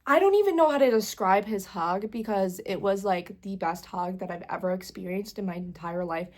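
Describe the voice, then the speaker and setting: A young woman vlogs excitedly about meeting a singer, her talk full of "like" and restarts. She gushes, and now and then sounds close to tears. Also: mid-range voice, normal speed. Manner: gushing, rambling with many "like"s. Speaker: vlogger. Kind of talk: casual vlog storytelling.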